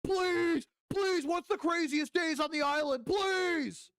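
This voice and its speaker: A man putting on a high, whining voice to play a desperate rich man begging for an invitation. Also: takes it slowly, a bit bright, dry recording, studio quality, heavily acted. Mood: pleading. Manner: pleading, high-pitched whine.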